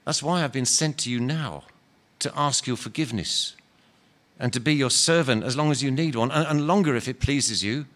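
A man reading aloud and voicing a patient, humble male spirit who talks softly and earnestly. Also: medium pitch, moderate pace, lightly acted. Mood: gentle. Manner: calm, soft, earnest and patient. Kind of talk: dramatic reading of a novel.

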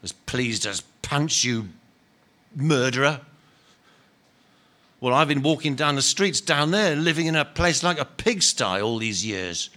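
A man reading aloud and voicing a big, indignant male ghost who shouts bitter accusations. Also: expressive, measured pace, long pauses. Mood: accusing. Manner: loud, accusing, high-pitched outbursts.

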